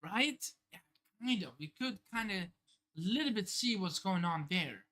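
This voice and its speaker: Slow-talking bright-voiced woman streamer. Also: medium pitch, lively intonation. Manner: exclaims, swears and laughs, thinking aloud. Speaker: streamer hosting a live manga reaction. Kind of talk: excited live reaction commentary.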